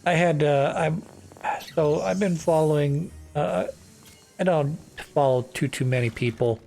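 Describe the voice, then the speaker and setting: A gaming channel host with a slightly high, darkish voice and vocal fry talks a little slowly through his let's-play. He wanders between topics with many fillers and restarts while soft music plays.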